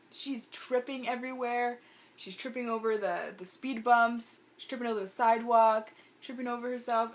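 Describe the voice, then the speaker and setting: A woman vlogger telling a funny story in an animated, amused way. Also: a little high. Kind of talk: storytime vlog.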